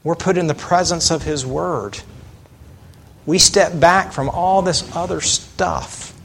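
A middle-aged male pastor delivering a sermon at an unhurried pace. His voice sits a little high for a man, and he talks to the congregation casually, posing questions and circling back on his words. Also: gravelly, fairly bright tone. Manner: conversational preaching with rhetorical questions and frequent restarts.

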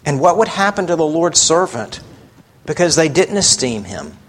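A man preaching a sermon, slow and emphatic, asking rhetorical questions of his listeners. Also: on the high side, very animated.

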